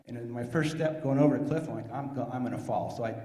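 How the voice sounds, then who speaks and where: A man's voice: mid-range voice, fast, dark tone. A man tells a story in a loose, self-mocking way, chuckling at his own mishaps. His voice sits in the middle range. It rings out through a big echoey hall with a long reverb tail. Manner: laughing, self-deprecating storyteller. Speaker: panelist. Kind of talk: storytelling at a panel.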